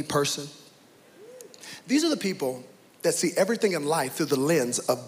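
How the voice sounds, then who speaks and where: A man preaching a sermon, dramatic, swinging from hushed to shouting. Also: fairly high pitch, wildly swooping pitch, moderate pace, long pauses. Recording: reverberant hall with faint ambience.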